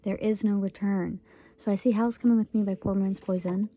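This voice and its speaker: A woman's voice: medium pitch, fairly even intonation, a little fast, warm tone, dull audio. A woman in her twenties from Michigan, giving a casual, earnest tarot reading and repeating phrases for emphasis. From Michigan, USA. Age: 20s. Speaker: tarot reader.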